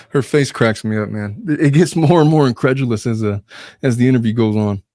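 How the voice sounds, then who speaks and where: A man's voice: medium pitch, a little fast, a little mellow, no echo. A man giving casual commentary on an interview clip, exasperated and rambling with fillers. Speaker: legal commentator.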